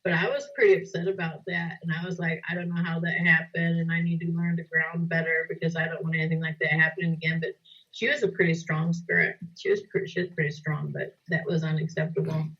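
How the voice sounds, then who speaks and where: A host talking earnestly in a casual conversation, asking open questions and sharing their own experiences. The recording sounds dull and lo-fi, with the highs muffled. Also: level tone, fast talker, fairly bright tone.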